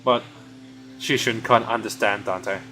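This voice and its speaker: A man streaming a game, reading its dialogue aloud casually with quick asides and stumbles. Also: on the low side, steady tone, sharp tone, faint music behind, poor audio.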